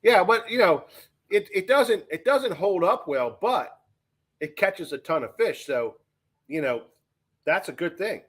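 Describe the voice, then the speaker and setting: A man's voice: high voice, expressive, unhurried, fairly bright tone, husky. A man co-hosting a live fishing show, chatting casually in a rambling, repetitive way. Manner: rambling, repeats himself, joking. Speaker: co-host. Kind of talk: casual live-stream chat.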